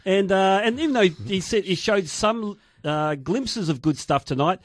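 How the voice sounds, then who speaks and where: An opinionated man argues football on sports radio with a high voice. The studio sound is dry and close, with no room around it. He keeps pushing the same point while others talk. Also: animated, unhurried, no room sound. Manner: opinionated, repeats his point over others.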